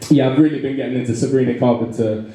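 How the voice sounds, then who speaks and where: A young English man doing live stand-up comedy in a pub venue, with a halting, rambling delivery full of fillers and restarts. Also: mid-range voice, fairly even intonation, warm tone. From England. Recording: very echoey live room.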